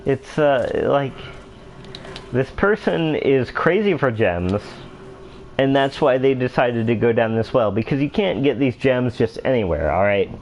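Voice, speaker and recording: A young let's player comments casually on his gameplay while spinning a rambling, chatty story packed with fillers, sounding like a customer support rep. His mid-range, darkish voice is animated and measured in pace. The recording is low quality with slight background noise.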